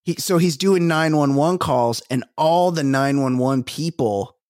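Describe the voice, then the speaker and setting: A man's voice: a little high, a little slow, a little mellow, no echo, studio quality. A man co-hosting a comedy podcast in casual chat, rambling and trailing off as he hunts for names. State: recovering from a finger injury. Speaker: podcast co-host.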